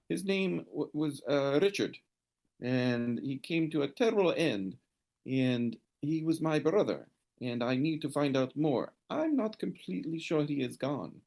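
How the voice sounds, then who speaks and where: A halting, earnest foreign woman searching for her brother, as a man puts her on in a tabletop game. Her broken English stops and restarts often, in a fairly high voice that rises and falls a lot. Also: sing-song, vocal fry, darkish tone, exaggerated voice. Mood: serious. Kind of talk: game master voicing a character.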